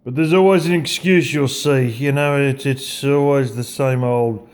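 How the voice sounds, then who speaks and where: An Australian man delivers a plain-spoken motivational rant at an unhurried, deliberate pace. His voice sits at a middling pitch, and he swears freely and talks like he's chatting to a mate. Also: fairly even intonation, a little mellow. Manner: blunt, profane, conversational. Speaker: vlogger.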